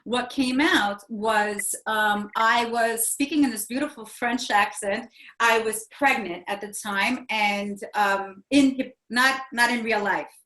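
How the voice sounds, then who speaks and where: Woman in her 40s, interview guest, rambly earnest storytelling, lots of ums, kinda high voice. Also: slow, bright, forceful tone. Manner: earnest, rambling, many fillers and restarts. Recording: echoey room.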